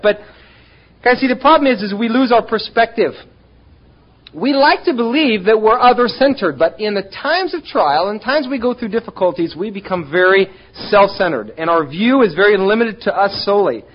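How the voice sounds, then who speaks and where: A man preaching to his congregation in an animated way, tossing out rhetorical questions. His voice sits fairly high for a man. The recording sounds dull and lo-fi. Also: normal speed. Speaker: pastor. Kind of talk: sermon.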